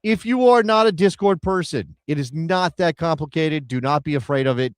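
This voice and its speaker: A man's voice: a little high, expressive, moderate pace, clear, resonant tone, no echo, clean studio sound. A man co-hosting a casual soccer live stream, chatty and rambling as he reads out viewer names. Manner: rambling, chatty, thinks aloud while reading chat names. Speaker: soccer show co-host.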